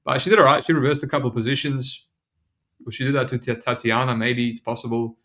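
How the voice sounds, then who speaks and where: A man with a New Zealand accent hosts a casual podcast, talking loosely with plenty of slang. His voice sits at a middling pitch. It has an easygoing, chatty flow. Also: steady tone, quick pace, pushed and bright. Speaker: podcast host. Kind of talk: casual betting podcast chat.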